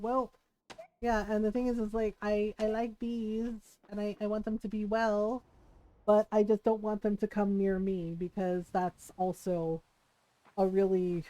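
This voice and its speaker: A woman's voice: medium pitch, dark tone, poor audio. A woman streaming a farming game, chatting casually and telling stories while she plays, acting out quotes and laughing often. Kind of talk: casual chat while gaming.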